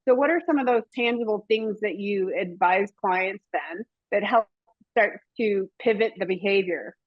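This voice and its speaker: A woman's voice: mid-range voice, normal speed, no room sound. Chatty woman, dull dry sound. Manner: chatty, filler-heavy, personal anecdotes. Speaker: podcast host. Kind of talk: podcast interview.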